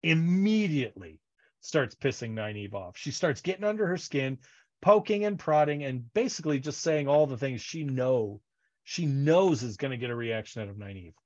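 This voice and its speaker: A man's voice: medium pitch, animated, moderate pace, a little mellow, dull audio. A man co-hosting a podcast, chatting casually about a book series and acting out characters' lines in funny voices. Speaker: podcast co-host.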